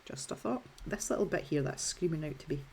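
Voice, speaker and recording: Scottish lady chatting thru a colouring tutorial, kinda low voice, laid back and rambly. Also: lively intonation, a little fast, gravelly, darkish tone, a little hiss or hum. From Scotland. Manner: chatty and self-deprecating, with filler words and restarts. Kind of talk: casual colouring tutorial chat.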